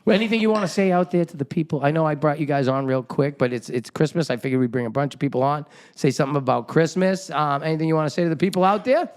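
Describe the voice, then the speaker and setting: A man hosting a casual podcast chat, joking crudely and swearing, and sometimes shouting in shrill mock voices. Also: very fast, hardly any pauses. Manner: loud, swearing, mocks parents in shrill voices. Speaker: podcast host.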